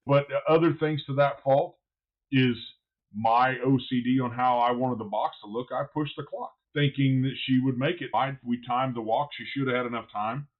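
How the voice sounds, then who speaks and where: A man who is a barbecue pitmaster, guesting on a podcast and telling stories in a blunt, animated way, swearing freely. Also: mid-range voice, normal speed, lo-fi sound. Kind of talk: casual podcast storytelling.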